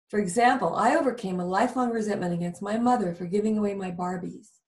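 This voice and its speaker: A woman's voice: mid-range voice, fast, a little mellow. A woman guest earnestly telling a personal story in a conversation. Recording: roomy, distant sound.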